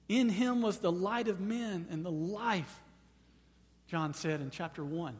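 Man preaching in an echoing hall. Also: a little slow. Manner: preaching with surges to loud, high-pitched proclamation; repeats words when starting phrases. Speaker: pastor. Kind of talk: sermon.

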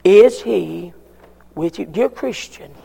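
Male preacher, high-pitched and slow, emphatic repeated questions, reverberant church. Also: expressive, vocal fry, mellow, breathy edge. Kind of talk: sermon.

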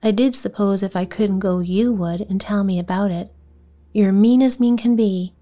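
A woman's voice: medium pitch, moderate pace, mellow, natural voice. A woman voicing a sick little boy who sounds mournful and complaining, in a sleep story.

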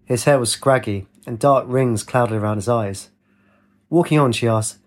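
A man narrating a story in a steady, even reading voice. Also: mid-range voice, moderate pace. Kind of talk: audiobook narration.

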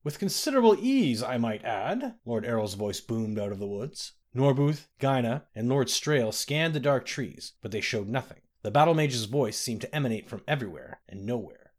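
A man narrating a fantasy audiobook in a steady, dramatic storytelling manner. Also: mid-range voice, moderate pace, few pauses.

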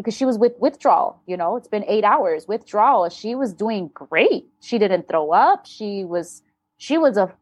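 A woman's voice: on the high side, no room sound. Blunt, candid woman telling a story. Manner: blunt and profane, emotional, re-enacts dialogue. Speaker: interview guest.

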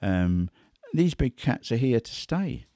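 With a mid-range voice and a slow pace, a man portrays a big cat investigator who tells conversational stories, animatedly voicing quotes and sounds. There's no echo, just clean studio sound.

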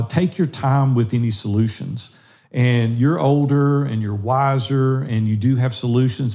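A man's voice: mid-range voice, creaky, dark tone. A man co-hosting a podcast, earnestly urging listeners and speaking straight to them. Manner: earnest, exhorting listeners directly. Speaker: podcast co-host. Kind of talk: encouraging podcast talk.

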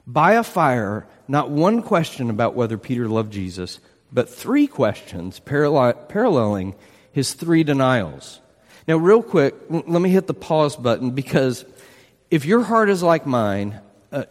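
Male pastor, emphatic sermon delivery, expressive pitch, reverberant hall sound. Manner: animated, emphatic preaching with rhetorical questions.

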